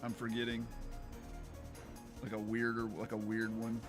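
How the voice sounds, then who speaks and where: A man's voice: medium pitch, completely flat delivery, unhurried. A man giving rambling, joking commentary while streaming a game. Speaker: gaming streamer. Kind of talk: casual playthrough commentary. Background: game music.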